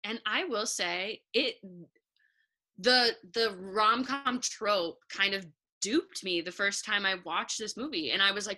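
A young adult woman, a guest on a podcast, chatting casually about a movie in an animated way, laughing often. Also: mid-range voice, a little slow.

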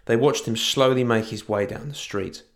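A man narrating a fantasy story in an even storytelling manner. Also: medium pitch, moderate pace.

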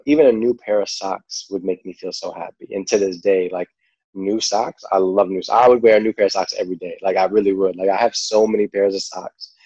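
A man's voice: low-pitched, a little mellow, husky, no echo, muffled recording. A man with a New York accent, a podcast guest telling stories in a rambling, casual way, full of "like" and "you know". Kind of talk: casual storytelling.

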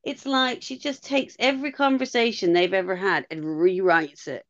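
A woman co-hosting a podcast, chatting casually about a reality show, animated and quick to laugh. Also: mid-range voice, muffled recording. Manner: animated, mimics people, laughs often. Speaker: podcast co-host.

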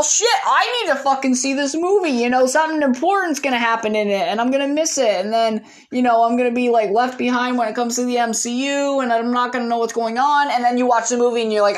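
A woman talks through her movie opinions in a loose, off-the-cuff monologue. She is frank and opinionated and leans on plenty of "um" and "you know," with the odd swear word. Her voice sits a little higher than most. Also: fairly bright tone. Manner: candid, opinionated, frequent fillers and swearing. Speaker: movie commentator.

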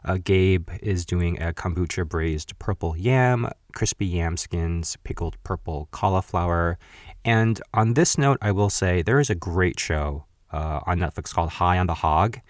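Man, podcast host, very low pitch, dry close mic, chatty, laughing, casual recap. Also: a little slow, no echo. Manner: chatty, laughs often, profane asides.

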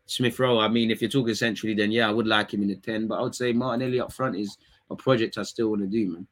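Fast-talking young man streaming. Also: lowish voice, steady tone. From England. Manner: fast slangy chatter, teasing chat, quick asides. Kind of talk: casual live-stream chat reading comments.

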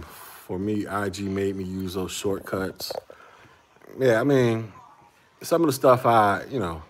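Husky, low-voiced man in his forties. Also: fairly bright tone. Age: 40s. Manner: rambling, repeats words, chuckles often. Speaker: livestream host reading chat. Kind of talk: casual livestream chat.

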